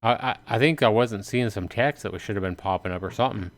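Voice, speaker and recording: A man's voice: lowish voice, quick pace. A man casually commenting while livestreaming a game and reading its lines aloud. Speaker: gaming livestreamer. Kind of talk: casual let's-play commentary.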